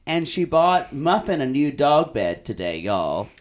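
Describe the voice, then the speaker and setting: Man, podcast co-host, swings his pitch a lot, gossipy and profane. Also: sing-song, a little slow. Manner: swearing, gossipy, slips into mocking quotes. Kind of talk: casual chat.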